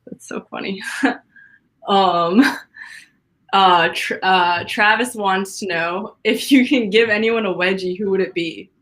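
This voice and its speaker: A woman hosting a casual livestream interview, relaxed, reading out viewer questions with plenty of ums. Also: medium pitch, a little slow. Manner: relaxed, reads viewer questions aloud with fillers. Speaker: livestream host.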